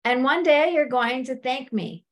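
A woman giving a motivational talk on marriage to a women's group, lively and conversational, acting out quoted voices and often checking in with "okay?". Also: sits high, unhurried. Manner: animated, acts out quoted voices, frequent "like" and "okay?". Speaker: speaker addressing a women's group.

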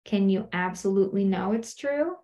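A woman's voice: mid-range voice, lively intonation, normal speed, warm tone. A woman, married, teaching a self-inquiry method in a conversational way, often asking "right?" and acting out quoted lines. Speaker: coach.

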